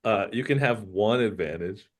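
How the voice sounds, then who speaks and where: A man running an online tabletop game as game master, relaxed and halting, with many fillers. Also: lowish voice.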